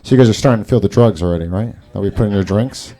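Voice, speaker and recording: A man's voice: lowish voice, racing, dark tone. A man doing stand-up at an open mic in a small garage, rambling and self-mocking, with a lot of profane crowd work. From Salvadoran and Brazilian heritage. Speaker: stand-up comedian.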